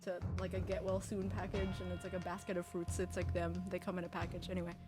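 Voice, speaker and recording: A woman's voice: on the low side, completely flat delivery, fast. A woman streaming a game, chatting casually, giggling often and reading courtroom lines aloud in a dramatic voice. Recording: game music playing behind.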